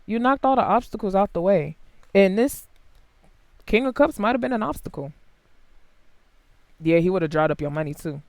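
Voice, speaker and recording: A tarot reader giving a casual, blunt and heavily profane reading to camera, swinging between quiet asides and loud outbursts. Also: lively intonation, normal speed, long pauses, no room sound. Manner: big jumps in pitch and loudness.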